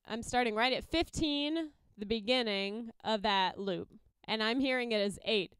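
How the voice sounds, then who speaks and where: In this relaxed tutorial, a young woman who makes loop music walks through her process of arranging songs for a looper, upbeat and talkative, occasionally singing or beatboxing brief examples. Her slightly high voice is unhurried, a bit bright, clear, and resonant, with no echo.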